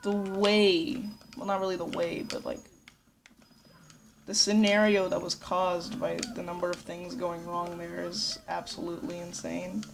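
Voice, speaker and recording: A woman's voice: lowish voice, level tone, unhurried, gravelly, background noise. A woman giving casual, rambling let's play commentary, swearing a lot. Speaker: gameplay commentator.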